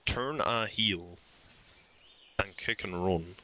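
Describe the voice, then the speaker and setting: A man's voice: low-pitched, slow pace, sharp tone. A young man streaming a puzzle game, thinking aloud and arguing his case insistently with himself. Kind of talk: live game commentary.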